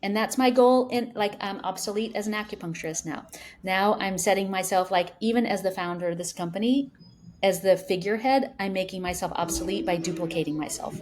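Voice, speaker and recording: A woman in her fifties, a founder talking as a podcast guest, telling stories in a lively way with many fillers. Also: mid-range voice, brisk. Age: 50s. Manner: animated storyteller, many fillers. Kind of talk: casual interview talk.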